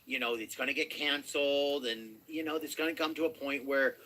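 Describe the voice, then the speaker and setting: A man's voice: mid-range voice, fairly even intonation, fairly quick, sharp tone. A man casually chatting on a comics livestream, rambling through stories and talking to his cat. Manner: rambling, talks baby-talk to his cat. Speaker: podcast co-host.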